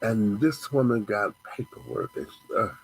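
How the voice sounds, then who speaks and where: A man's voice: on the low side, measured pace, breathy edge, low-quality recording. A man hosting a show, ranting angrily with profanity and repeating himself. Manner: angry, profane, repetitive rant. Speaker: host. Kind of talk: ranting commentary.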